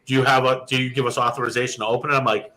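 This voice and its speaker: A young adult man, a podcast co-host, telling a profane, animated story and acting out the quoted lines in casual chat. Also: mid-range voice, rapid-fire, low-quality recording.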